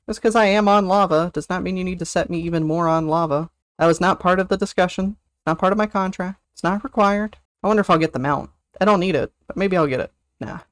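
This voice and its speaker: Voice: mid-range voice, no echo, studio quality. Chatty gamer streaming with whoops. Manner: chatty, teasing, hums and sings to self, excited whoops. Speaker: livestream host playing an online game. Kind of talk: casual gameplay commentary.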